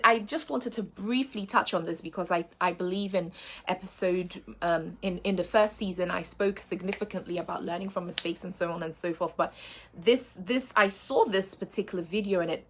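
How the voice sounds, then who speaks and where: A woman's voice: on the low side, a bit bright. A woman hosting a faith-based motivational show, speaking earnestly and repeating key phrases for emphasis.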